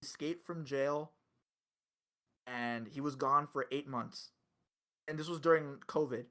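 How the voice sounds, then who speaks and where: A young man hosting a casual podcast, talking in an animated way with swearing and quick laughs. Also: mid-range voice. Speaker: podcast host.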